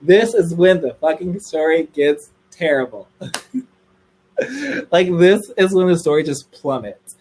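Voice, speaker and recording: A young man telling a story on a livestream in a casual, gossipy way, swearing freely and squealing high when excited. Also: unhurried, slight background noise, low-quality recording.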